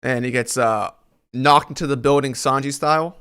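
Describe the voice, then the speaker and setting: A man's voice: mid-range voice, steady tone, moderate pace, a bit bright, clear, resonant tone. A man streaming a live reaction to a comic chapter, reading lines aloud and making sarcastic, critical remarks.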